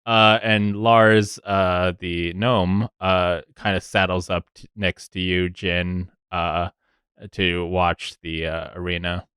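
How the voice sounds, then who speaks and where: Man, game master, tabletop game narration, low pitch, dry close sound. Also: flat delivery, fairly bright tone, clean tone, dry recording. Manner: halting, many fillers and restarts, chuckling.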